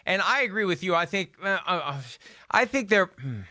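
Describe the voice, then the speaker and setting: Brief: middle-aged male host, bright, crisp voice, dry studio sound, wry and playful. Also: sits high, lively intonation, moderate pace, dry recording. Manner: wry, colorful turns of phrase. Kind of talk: casual sports chat.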